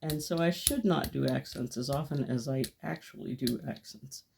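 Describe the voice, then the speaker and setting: A woman's voice: rumbling low, normal speed, vocal fry, background noise. A woman talking through a gel plate printing project as she works, chatty and self-deprecating, laughing often at herself. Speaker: mixed media artist. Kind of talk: casual crafting commentary. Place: home craft studio.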